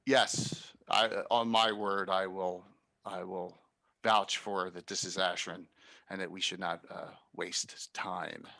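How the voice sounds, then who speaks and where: A man's voice: deep voice, level tone, slow, gravelly, sharp tone, heavily acted. A man voicing a foppish, courteous dandy nobleman with flowery, genial speech in a tabletop game.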